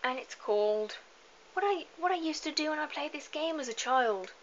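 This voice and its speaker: A woman's voice: high-pitched, expressive, moderate pace. A woman giving casual, rambling commentary over a video game, chatty and often apologizing in asides. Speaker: gameplay commentator. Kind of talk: casual let's-play commentary. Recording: slightly dull lo-fi home mic with faint hiss.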